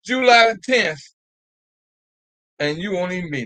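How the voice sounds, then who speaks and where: A man's voice: sits high, moderate pace, fairly bright tone, no room sound, poor audio. An older man hosting a live call-in talk show, exhorting his listeners in a repetitive, folksy way and calling them "y'all.".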